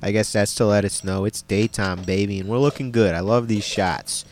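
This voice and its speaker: A man's voice: lowish voice, steady tone, normal speed. Laid-back, profane man recapping a film. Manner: laid-back, profane, slangy, many fillers.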